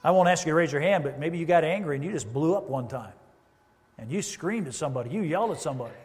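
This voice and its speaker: A man's voice: on the high side, expressive, fast talker, a little mellow. A man preaching a sermon as pastor, conversational, with asides and quoted voices. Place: church sanctuary. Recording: reverberant church hall.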